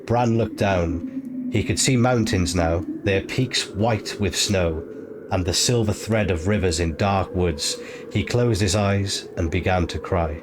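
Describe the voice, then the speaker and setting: A man reading an audiobook chapter in a measured, steady narration. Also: sits low. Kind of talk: scripted narration. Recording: noisy ambient background.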